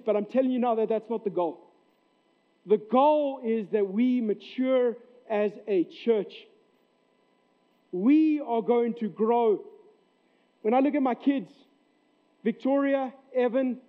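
Male pastor, high voice, emphatic sermon delivery, tinny lo-fi recording. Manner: earnest, emphatic preaching with repeated phrases. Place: church sanctuary. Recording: tinny narrow-band recording.

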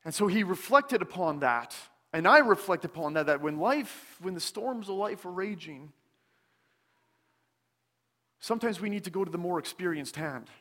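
A man preaching a sermon in a church, speaking slowly and deliberately with many pauses, often dropping to a soft, hushed tone. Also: high voice, expressive, in a large hall. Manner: slow, deliberate delivery with frequent pauses, dropping softer on scripture. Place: church sanctuary.

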